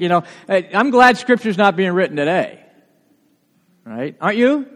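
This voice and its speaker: A man with a New England accent, a pastor preaching a sermon in a lively, conversational way, full of rhetorical questions. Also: sits high, moderate pace. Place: church sanctuary. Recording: long church reverb.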